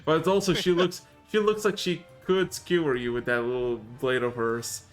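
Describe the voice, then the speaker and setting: A man running a tabletop game as game master, describing scenes in halting, often restarted sentences. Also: on the high side, flat delivery. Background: faint music.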